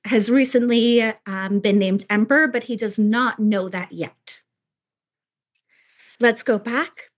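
A woman leads a text study lesson in a fairly high voice. She reads quoted passages aloud, then turns back to explain them, tagging her points with a questioning "right?". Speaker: teacher.

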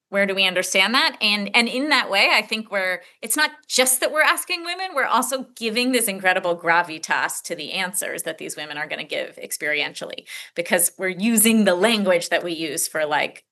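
Woman teacher, class lecture, bright voice, chatty and thinking out loud. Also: medium pitch. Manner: conversational, thinking aloud, many filler "like"s. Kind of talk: teaching a text-study class.

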